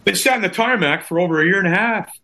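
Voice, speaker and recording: A man's voice: high-pitched, quick pace, bright, forceful tone. A middle-aged man from Canada, a guest author telling his story in a livestream interview, rambling and often repeating his words.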